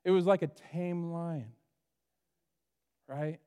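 A man preaching a sermon to his church, animated, acting out the voices of the people in the story. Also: sits high, normal speed, in a large hall. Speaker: pastor.

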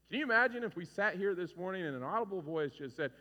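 Animated pastor preaching in a reverberant hall. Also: male voice, a little high, fast, hardly any pauses. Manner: animated storytelling, acting out voices and shouts. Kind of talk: sermon. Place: church hall.

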